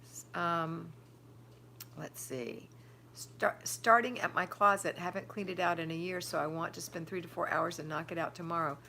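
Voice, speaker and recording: With a lowish, sharp voice, steady tone, and vocal fry, an older woman speaks at a moderate pace amid slight background noise. She hosts a live stream, casually reading viewer comments and delivering firm homemaking advice.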